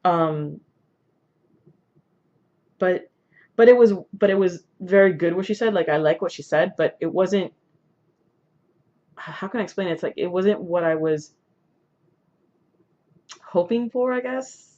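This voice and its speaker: A woman's voice: fairly low pitch, measured pace, long pauses, warm tone. A woman vlogger with a sore throat, casually telling a personal story to camera, rambling with many fillers and restarts. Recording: dull lo-fi recording.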